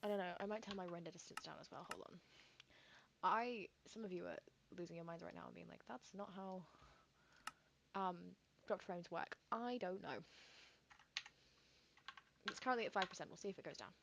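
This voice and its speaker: A woman's voice: fairly low pitch, fast, creaky, pauses often, background noise. A woman, chatting casually and thinking aloud while streaming a game, with lots of fillers and rambling asides. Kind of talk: casual gameplay commentary.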